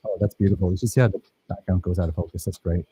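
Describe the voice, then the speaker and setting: A man's voice: low voice, steady tone, very fast, dark tone, breathy edge, rough recording. A man teaching a filmmaking workshop, talking casually and enthusiastically over his own footage and praising his students.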